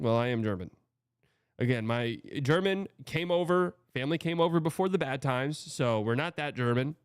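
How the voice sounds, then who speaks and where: A man's voice: mid-range voice, moderate pace, smooth, dry recording, clean studio sound. A young man from Texas hosting a show, reading viewer comments in a loose, rambling, chatty way. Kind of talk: casual livestream chat.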